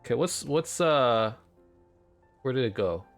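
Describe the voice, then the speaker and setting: Excitable man commenting on gameplay. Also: medium pitch, unhurried, faint music behind. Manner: excitable, rambling, says dude and man. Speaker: let's play host.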